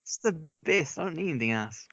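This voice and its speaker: A man's voice: on the high side, expressive, fast talker, vocal fry, fairly bright tone, no room sound. A man, co-hosting a casual podcast chat and making dry joking asides. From New Zealand. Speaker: podcast co-host. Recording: dull lo-fi audio.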